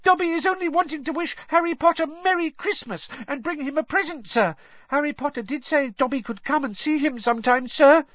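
A man voicing a squeaky, anxious male house-elf who speaks of himself in the third person and calls everyone sir. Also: brisk, dry recording. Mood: eager. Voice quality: high squeaky. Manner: ungrammatical third-person speech, constant "sir". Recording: dull dry lo-fi.

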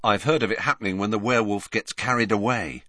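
A man's voice: fairly low pitch, steady tone, quick pace, fairly bright tone, dry recording, studio quality. A man voicing a fretful, blunt teenage boy in an audiobook. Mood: grave. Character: nervous, gangly teenage boy student.

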